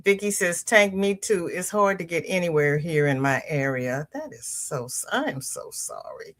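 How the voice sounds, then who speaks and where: A woman's voice: big pitch swings, measured pace, hardly any pauses. A woman hosting a crochet livestream, chatting casually, greeting viewers by name and reading their comments aloud. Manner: leisurely, chatty, with pitch jumps on greetings.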